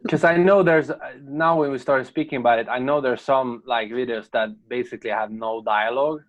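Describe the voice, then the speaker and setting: A man's voice: mid-range voice, steady tone, a little fast, highs cut off. A Swedish man speaks English with a Swedish accent as a guest in a casual interview. He jumps in eagerly and keeps things moving. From Sweden. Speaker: filmmaker guest.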